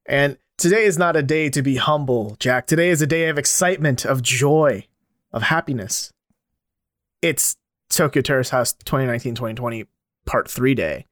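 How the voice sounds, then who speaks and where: A man's voice: mid-range voice, moderate pace, a bit bright, no echo, studio quality. Upbeat man hosting a podcast. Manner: upbeat, playful announcer tone. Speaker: podcast host. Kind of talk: casual podcast chat.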